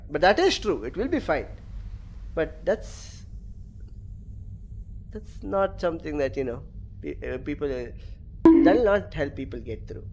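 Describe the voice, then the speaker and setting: A young man chatting casually on a game stream, animated and teasing. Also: mid-range voice, a little hiss or hum. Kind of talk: casual gaming stream chat.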